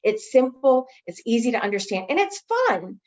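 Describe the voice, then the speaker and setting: A woman training others in infection prevention, answering a webinar question as an enthusiastic, animated storyteller. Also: fairly high pitch, normal speed, dull audio.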